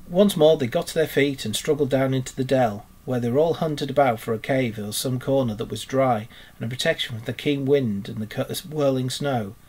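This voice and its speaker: A man, a teacher, reading a children's story aloud in a steady, expressive narrating voice. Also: mid-range voice, slightly rough.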